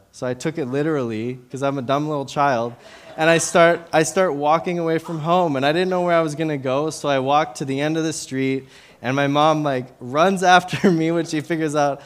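A man's voice: on the high side, fairly even intonation, normal speed. Casual young man teaching Bible verses. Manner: casual, many fillers and restarts. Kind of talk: informal Bible teaching with a personal story.

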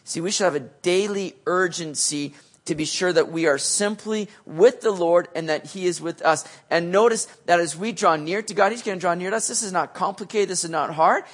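A male pastor with a voice that sits high preaches a sermon in a casual, animated, slangy style, swinging between loud and soft.

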